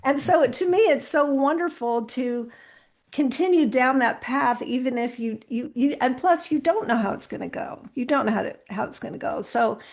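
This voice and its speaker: A woman's voice: high voice, animated, normal speed, a little mellow. A woman podcast host, now the guest, talking earnestly and with animation in a casual interview, often restarting her sentences.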